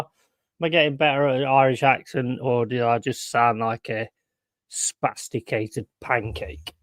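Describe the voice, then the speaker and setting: A man's voice: mid-range voice, little pitch movement, measured pace, dry recording. Joking man chatting to his stream. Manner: rambling, jokey banter with chat, swears casually. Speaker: livestream host. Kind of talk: casual livestream chat.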